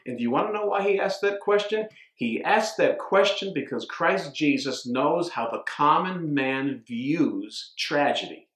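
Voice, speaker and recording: A man's voice: a little high, animated, unhurried, hardly any pauses, a bit bright, roomy sound, poor audio. A man preaching a sermon as a pastor, stumbling over repeated words and restarting his sentences as he reads scripture aloud.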